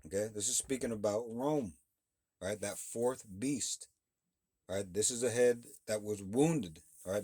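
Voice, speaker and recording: A man with a fairly low voice teaches a Bible class, reading verses aloud and then explaining them. His delivery is loose and conversational, full of restarts, and he checks in with his listeners after nearly every point. The sound is close and dry, with no room around it. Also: a little mellow, no echo. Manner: keeps checking in with "all right?" and "okay?" between points.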